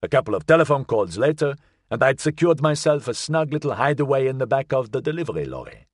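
A man's voice: mid-range voice, big pitch swings, fast talker, dry recording, studio quality. A man voicing a big, jovial man who enjoys the attention, in an audiobook. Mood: cheerful. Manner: cheerful and self-satisfied.

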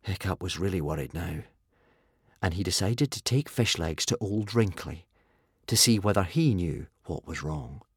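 Male storybook narrator, animated and husky, dry booth, faint music. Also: sits low, normal speed, no room sound. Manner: lively, dry comic delivery. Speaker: audiobook narrator. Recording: dry close studio read with faint music.

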